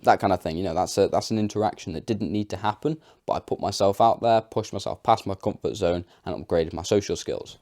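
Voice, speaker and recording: A man's voice: sits low, brisk, darkish tone, no room sound, clean studio sound. A young man telling a personal story to camera, unscripted and chatty, with lots of fillers. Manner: chatty, filler-heavy, self-deprecating. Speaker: vlogger.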